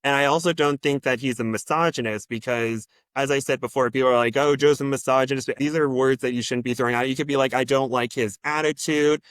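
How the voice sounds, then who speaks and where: Smooth-voiced man podcast co-host. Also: medium pitch, steady tone, quick pace, few pauses, fairly bright tone, dry recording. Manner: rambling, with restarts and hesitations. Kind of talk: casual podcast chat.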